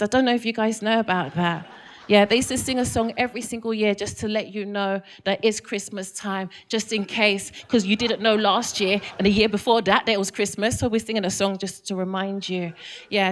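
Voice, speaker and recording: A woman in her thirties with a London accent, doing a stand-up comedy set and teasing the crowd with questions. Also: medium pitch. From England. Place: comedy club stage.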